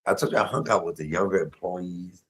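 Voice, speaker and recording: A middle-aged man tells stories while cooking on a home livestream, chatty and laughing as he goes. His voice is low, brisk, and a bit bright, and the recording is rough.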